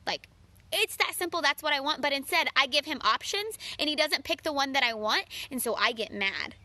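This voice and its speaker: A woman's voice: high-pitched, lively intonation, moderate pace, sharp tone. A married woman talking earnestly about relationships, speaking straight to listeners as her friends and acting out her own quoted lines. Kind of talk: casual direct-to-camera talk.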